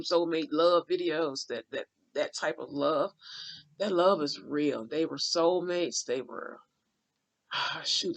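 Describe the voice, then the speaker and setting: Speaking in a bright, somewhat high voice, a man who is a spiritual channeler rambles through a heartfelt spiritual tale in a casual vlog. His speech is colloquial and full of restarts, with drawled asides like "child" and "honey."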